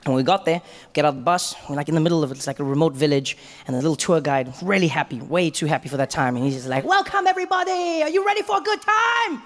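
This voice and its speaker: A man's voice: a little high, racing. South African man doing stand-up. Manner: animated, storytelling, conversational. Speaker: stand-up comedian. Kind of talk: stand-up comedy. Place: stage in a large hall. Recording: echoey hall, faint crowd noise.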